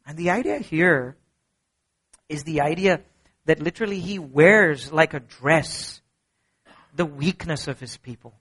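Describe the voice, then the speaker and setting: Middle-aged man, pastor, sermon, high voice, bright tone, earnest, swings between soft and emphatic. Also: a little slow, long pauses, slightly rough. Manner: earnest, rising to emphatic peaks and dropping to soft low passages.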